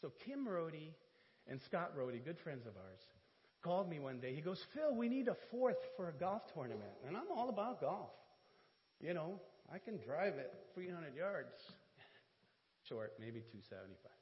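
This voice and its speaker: Man, church testimony, high lively voice, big pitch swings, dull hall audio, long reverb. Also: normal speed. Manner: animated storyteller, laughs often, self-deprecating asides. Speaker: church speaker giving testimony. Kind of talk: sermon testimony.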